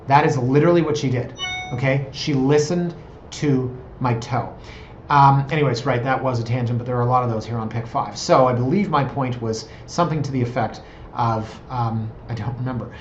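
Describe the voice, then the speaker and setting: A man's voice: mid-range voice, muffled recording, slight background noise. Chatty man in an echoey office. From Canada. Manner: chatty, digressive, self-deprecating. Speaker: real estate agent. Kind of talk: casual vlog monologue.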